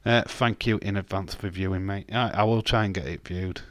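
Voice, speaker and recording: Man, low voice, casual live-stream banter, dry close mic. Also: fairly even intonation, fairly quick, a bit bright, no room sound. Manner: chatty, reacting to chat comments with banter and mild swearing. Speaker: streamer reading chat.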